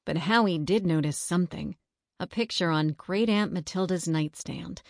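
A woman narrating a children's story in a steady reading voice. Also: on the low side, normal speed, vocal fry, no room sound, studio quality.

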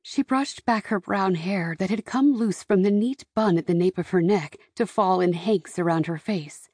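A woman narrates an audiobook, telling the story in a measured, expressive way. Her voice sits in the mid range, and the recording is clean studio sound with no room echo.

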